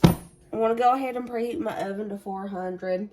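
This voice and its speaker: Cooking at home, the Southern US woman keeps up a casual, folksy vlog chat with her viewers. She has a mid-range voice with fairly even intonation and a moderate pace, and background noise can be heard.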